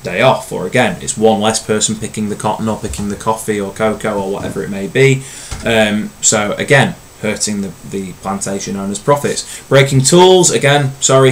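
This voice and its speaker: A lower-pitched man explains a history topic like a teacher talking to his own class. He is relaxed and conversational and fills his pauses with ums and uhs. A faint hiss sits under the recording. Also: low-quality recording.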